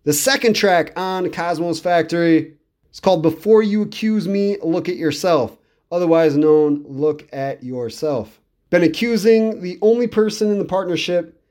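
A podcast host with a high, darkish voice talks through an album at a moderate pace. It's a casual music review monologue, enthusiastic and rambling, and he repeats himself for emphasis.

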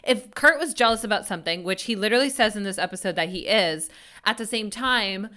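Woman podcast cohost, bright clear voice, emphatic, swears a lot. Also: medium pitch, brisk. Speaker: podcast co-host. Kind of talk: casual chat.

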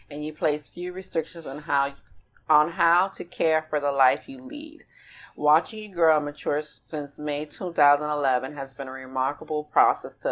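An older woman co-hosting a talk show, reading a personal letter aloud in a measured, deliberate way. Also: low-pitched, low-quality recording. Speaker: podcast co-host.

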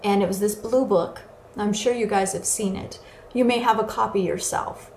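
A woman's voice: medium pitch, steady tone, moderate pace, darkish tone, a little hiss or hum. A woman giving an earnest, emotional personal testimony as a recovery speaker. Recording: echoey room with faint ambience.

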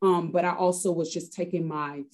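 Brief: a woman from Harlem with a lowish, mellow voice, telling a personal story as an interview guest. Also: steady tone, normal speed. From Harlem, New York. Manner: reflective, with frequent restarts and fillers.

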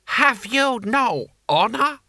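Man voicing a furious warlord, screaming orders, high-pitched, bright and tense. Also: expressive, a little slow, dry recording, studio quality, full character voice. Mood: enraged. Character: furious scheming male warlord commander.

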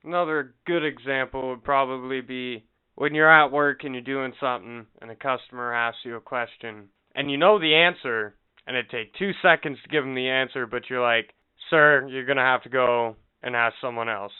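A man's voice: mid-range voice, normal speed, clear, resonant tone, no room sound. A man co-hosting a podcast in crude casual chat, rambling and swearing as he laughs at himself. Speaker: podcast co-host. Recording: tinny phone-like podcast audio.

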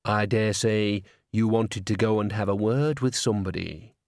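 A man's voice: fairly high pitch, sing-song, normal speed, no room sound, studio quality, voice pushed up. A man voicing a cheerful, sly old woman witch in an audiobook, chatty and folksy. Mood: softly probing. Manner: chatty, folksy, turns quietly menacing.

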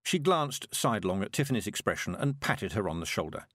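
A man reading a storybook aloud with expressive narration. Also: fairly low pitch, fairly quick, dry recording, studio quality. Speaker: audiobook narrator. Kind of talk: scripted narration.

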